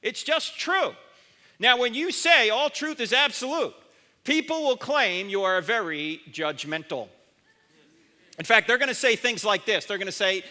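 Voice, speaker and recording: A man's voice: high-pitched, expressive, unhurried, pushed and bright. A man giving a university chapel talk, emphatic, quizzing his listeners and acting out the lines of people who argue with him. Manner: emphatic, quizzes the audience, acts out objectors' lines. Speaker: guest chapel speaker. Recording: long hall reverb.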